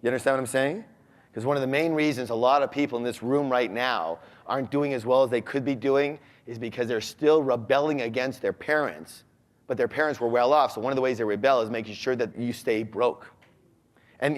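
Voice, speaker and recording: A man giving a motivational seminar talk to a live audience, often asking them questions. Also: medium pitch. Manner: animated, asks the audience questions. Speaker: seminar speaker. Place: large room with a live audience.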